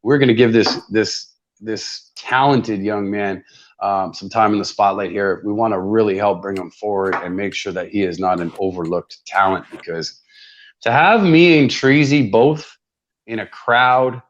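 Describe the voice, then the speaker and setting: A man's voice: lowish voice, steady tone, a little slow, highs cut off. Hyped, swearing male podcast host. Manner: profane, hyped, talks over guests. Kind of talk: casual chat.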